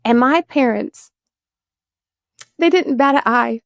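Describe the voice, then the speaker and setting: A woman's voice: sits high, takes it slowly, gravelly, no room sound, clean studio sound. A woman, telling her own story earnestly as a guest in a faith interview. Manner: earnest storyteller, voice rising when moved. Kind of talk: personal testimony in a faith interview.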